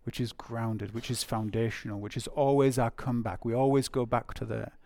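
A man's voice: mid-range voice, steady tone, fairly quick, dark tone, no room sound, studio quality. A man preaching a sermon in a conversational way, repeating phrases for emphasis with frequent fillers.

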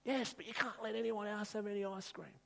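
A man voicing a jealous young boy in a told story, shouting and tattling on the other kids. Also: sits high, fairly even intonation, a little fast, gravelly, pitched above the performer's own voice. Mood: pleading.

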